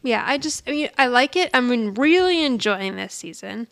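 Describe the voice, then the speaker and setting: A woman's voice: fairly high pitch, animated, normal speed, vocal fry, a bit bright. A woman co-hosting a podcast, casually retelling a sitcom episode and quoting its characters with frequent laughs. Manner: chatty storyteller, quotes characters, laughs often. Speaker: podcast co-host.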